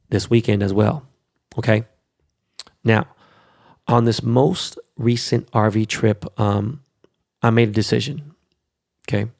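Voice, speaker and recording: A middle-aged male vlogger delivers a casual, rambling monologue, profane and emphatic, swearing a lot and packing in fillers. His voice is medium-pitched, creaky and a little mellow.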